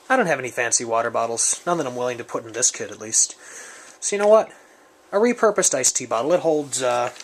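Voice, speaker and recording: A man's voice: mid-range voice, slight background noise. A man casually reviewing his survival gear on camera, rambling and joking in an off-the-cuff way. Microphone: camera mic, speaker off-frame.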